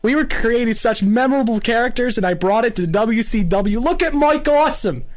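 A brash, boastful wrestling booker, put on by a man for a podcast bit. His voice sits high, and he leans on "bro" in nearly every line. The delivery is pure swagger. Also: expressive, fairly quick. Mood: bragging. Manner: cocky, repeats "bro" constantly. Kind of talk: podcast impression.

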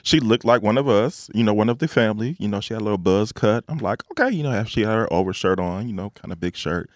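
A man's voice: lowish voice, quick pace, no echo, studio quality. A man co-hosting a casual chat, telling a story with lots of acted-out quoted dialogue. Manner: animated storyteller who acts out quoted dialogue.

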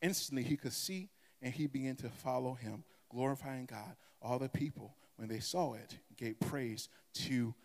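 A male pastor preaching a sermon dramatically, swinging between soft asides and loud cries and calling on the congregation to answer. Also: mid-range voice, moderate pace, few pauses, long reverb tail. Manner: call-and-response with the congregation.

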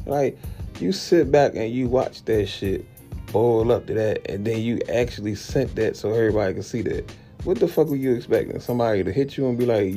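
Profane ranting podcast host. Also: male voice, dark tone. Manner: swings up into high incredulous tones. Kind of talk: casual podcast rant.

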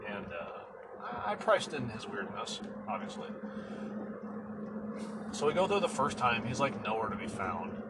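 A man's voice: on the low side, very animated, a little slow, long pauses, distant mic, very noisy. A middle-aged man who hauls junk telling a wild job story in casual, profane, laughing style. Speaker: junk hauler.

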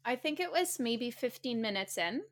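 A woman's voice: a little high, expressive, moderate pace. A woman speaking casually to her listeners, telling a story with animation, laughing often and repeating phrases earnestly. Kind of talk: casual spoken talk to listeners.

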